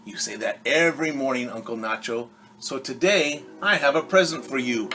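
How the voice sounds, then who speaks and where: A man's voice: medium pitch, normal speed, close to an everyday voice. A man voicing a cheerful young schoolgirl niece in a children's storybook read-aloud.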